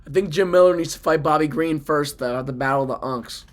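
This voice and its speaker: A man's voice: on the high side, fast talker. A man interviewing a fighter, agreeing often and asking follow-up questions. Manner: encouraging, agreeing, asks follow-ups. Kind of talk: casual interview chat.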